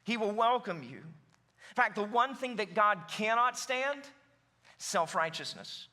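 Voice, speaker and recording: A man preaching a sermon as pastor, animated and emphatic, speaking directly to the congregation in a church. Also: high-pitched, unhurried. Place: church sanctuary.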